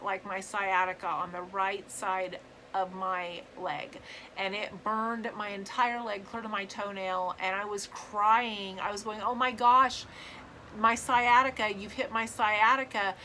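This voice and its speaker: A woman sharing her own story in a personal vlog, talking earnestly and haltingly with many fillers and restarts. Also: mid-range voice, sharp tone, slight background noise, low-quality recording.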